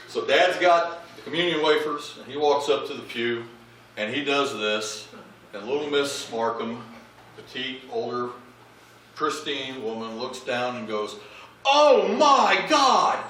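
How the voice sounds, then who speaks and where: A man delivers a funny eulogy for his father, acting out the lines of each story. His voice is bright and forceful. It rings through a big echoey hall, heard from well back from the mic. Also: medium pitch, distant mic, a little hiss or hum. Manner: animated comic anecdotes, acting out quoted lines. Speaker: eulogist, child of the deceased. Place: large memorial service hall.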